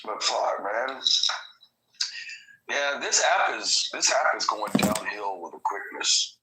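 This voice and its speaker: A man's voice: fairly low pitch, lively intonation, slow pace, heavy background noise. A man from Georgia in the US chatting casually on a podcast, blunt and profane, telling stories with animation. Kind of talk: casual chat.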